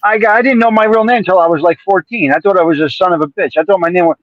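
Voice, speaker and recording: A man's voice: high-pitched, racing, dry recording, dull audio. A man co-hosting a livestream podcast in casual chat, swearing freely and repeating phrases for emphasis. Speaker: livestream co-host.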